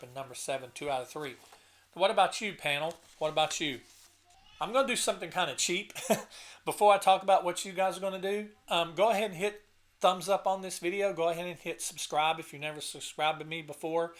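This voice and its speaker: His voice sits on the high side, steady in tone, a bit bright and a little fast. The man hosts his own channel and reviews an album in casual talk to camera, speaking emotionally about songs he loves. Enthusiastic and earnest, he gets choked up at moments and frequently restarts sentences.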